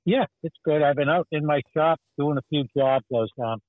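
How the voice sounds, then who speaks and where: Call-in co-host, male, quick talker, tinny phone sound from a car, dry and joking. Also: fairly high pitch, no echo. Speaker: podcast co-host calling in. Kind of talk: casual chat. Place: parked car.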